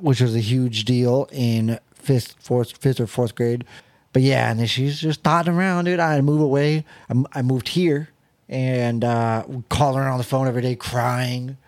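In a dry recording, a young man with a mid-range voice hosts a podcast, animatedly telling crude stories. The banter is casual and he swears a lot.

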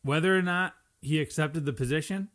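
A man co-hosting a podcast in casual chat, hesitant and halting, with chuckles. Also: fairly high pitch, a bit bright. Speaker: podcast co-host.

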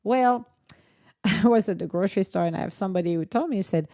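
A woman's voice: mid-range voice, fairly quick, mellow, no echo, clean studio sound. A woman chatting casually in a vlog, telling stories animatedly, with laughter and acted-out quotes. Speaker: vlogger, dog owner. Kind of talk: casual chat.

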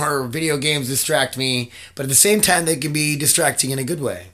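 Brief: thirties male podcast host, loose rambling delivery, mid-pitched, casual home-mic sound. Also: fairly quick, hardly any pauses, fairly bright tone. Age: 30s. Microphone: desk mic.

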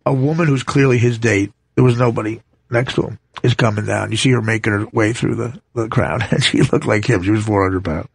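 A male comedian telling a stage story in casual chat, animated and shouting his punchlines. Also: fairly low pitch, a little fast, gravelly, husky, no room sound.

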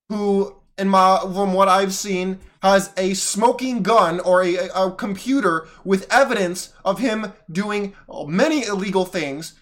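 A man with a high, light voice hosts a solo commentary show. He talks with heavy sarcasm and stops clips again and again to argue back at them. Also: fairly bright tone. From United States. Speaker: podcast host.

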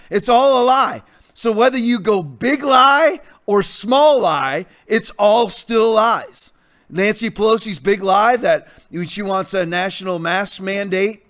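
Defiant high-voiced male pastor. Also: fairly bright tone. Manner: defiant, blunt, repeats points for emphasis. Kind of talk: combative sermon rant.

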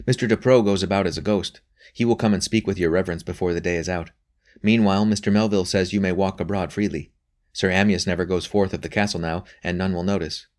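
A servant messenger, voiced by a male narrator gives his report in an earnest, plain way. His voice is deep, as in a spoken storybook. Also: fairly even intonation, fast, darkish tone, close to an everyday voice. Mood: grave.

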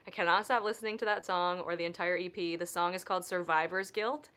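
Band guest on a podcast, a woman with a bright voice who swears freely. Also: on the low side, fairly even intonation, fast, clear, resonant tone. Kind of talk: casual podcast chat.

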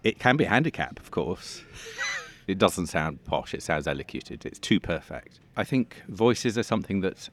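A man with a very deep voice chats as an interview guest. He laughs easily and often restarts his sentences as he goes. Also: sing-song, normal speed. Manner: chatty, with easy laughs and restarts. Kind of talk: conversational interview.

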